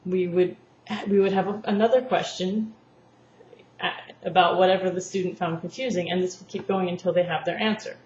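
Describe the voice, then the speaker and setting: A woman's voice: lowish voice, fairly even intonation, normal speed, darkish tone. A woman who teaches language therapy, patiently explaining a lesson plan and acting out classroom examples. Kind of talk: spoken lesson walkthrough. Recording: roomy, dull lo-fi sound with faint noise.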